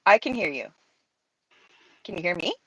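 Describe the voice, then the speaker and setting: A woman's voice: on the low side, lively intonation, moderate pace, crowd noise, poor audio. A woman hosting a casual chat over a video call, playful and teasing, laughing easily. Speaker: host.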